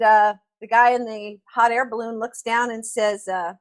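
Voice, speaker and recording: Animated woman telling a story. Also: a little high, moderate pace, hardly any pauses. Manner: animated, repeats words when starting a thought. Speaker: interview guest. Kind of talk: conversational storytelling, explaining.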